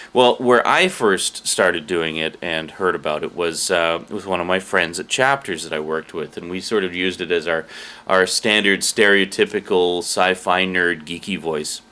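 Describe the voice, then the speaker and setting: A man's voice: deep voice, bright, forceful tone. A man hosting his channel, telling comic customer-service stories and acting out the people in them. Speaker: channel host.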